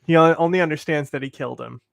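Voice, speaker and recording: A man co-hosting a livestream who talks politics with blunt exasperation. His voice sits a little high, and the close mic keeps it dry. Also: quick pace, vocal fry, fairly bright tone, no room sound. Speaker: livestream co-host. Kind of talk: casual political chat.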